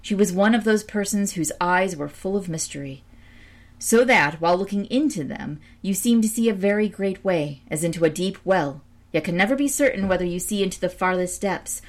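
Woman reading a storybook aloud, slightly low voice, small slips and corrections. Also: a little fast. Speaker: storybook reader.

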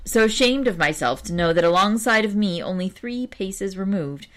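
A woman reading a story aloud in a measured audiobook narration. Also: mid-range voice.

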